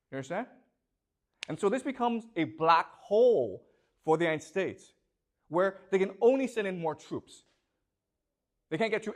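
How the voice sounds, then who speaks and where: A man lecturing a class, constantly checking that his students understand with rhetorical questions. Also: fairly high pitch.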